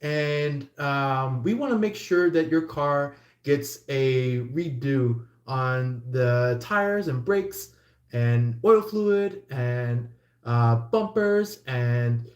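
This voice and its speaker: A man's voice: medium pitch, animated, roomy sound. A man voicing a pushy male insurance phone agent who rambles on, stacking one "and" after another. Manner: rambling, fast, piling up "and"s.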